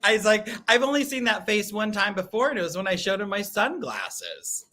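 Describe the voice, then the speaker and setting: Bright-voiced chatty male quilting host. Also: sits high, moderate pace. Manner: chatty, animated storytelling, laughs often, reads live comments. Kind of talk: casual livestream chat.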